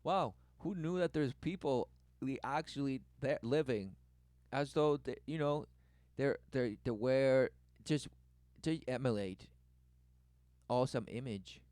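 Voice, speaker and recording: In a medium-pitched, unhurried and slightly mellow voice with no echo, a man rambles through spoken commentary, free-associating and looping back to the same words. He keeps saying "relentlessly," and when he quotes other people he mimics them in a raised voice.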